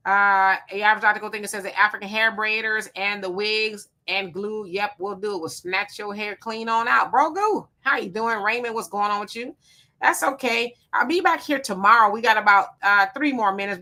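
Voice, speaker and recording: A woman hosting a casual livestream, reading viewer comments aloud and giving quick, relaxed replies. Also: medium pitch. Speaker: livestream host.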